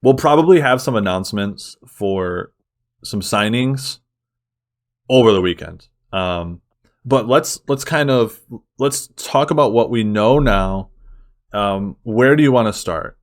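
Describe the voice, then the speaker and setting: A man co-hosting a sports podcast in casual chat, excitable and full of fillers. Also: lowish voice, measured pace. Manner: excitable, uses lots of fillers. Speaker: podcast co-host.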